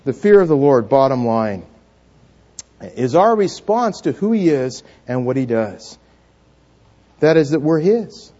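A male pastor preaching a sermon, asking the congregation questions and leading call-and-response, swinging between hushed and loud moments. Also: medium pitch, sing-song, a little slow, pauses often. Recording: dull lo-fi church recording.

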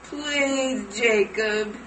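A woman's voice: mid-range voice, normal speed, a bit bright, lightly acted. Woman voicing a whiny, starving young brother. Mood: whining. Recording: distant, roomy, noisy playback.

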